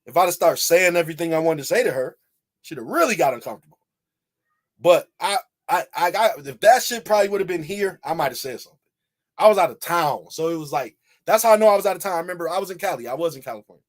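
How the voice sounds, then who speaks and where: A man with a high, light voice talks straight to his viewers in loose reaction commentary. He gets animated, fires the same rhetorical question again and again, and swears freely. He is from Michigan. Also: quick pace. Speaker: video commentator.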